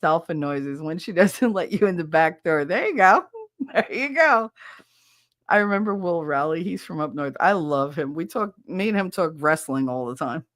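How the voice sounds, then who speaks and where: A middle-aged New woman hosts a loose, chatty show, laughing a lot and cursing without a second thought. Her voice sits on the low side, recorded dry and close with no room sound. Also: animated, moderate pace, a bit bright, no echo. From North Jersey. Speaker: podcast host. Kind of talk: casual chat reading live comments.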